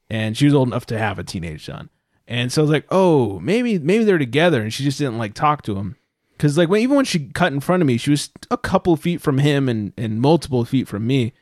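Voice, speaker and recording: Male podcast co-host, a bit high-pitched, dry close sound, swears freely and tells stories animatedly. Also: no echo. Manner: profane, animated storytelling with loud quoted outbursts. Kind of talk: casual chat.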